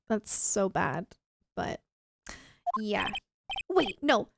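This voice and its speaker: A woman's voice: medium pitch, lively intonation, moderate pace, very noisy. A woman streaming a game, making casual, self-deprecating asides between reading its lines. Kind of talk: casual gaming commentary. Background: game music.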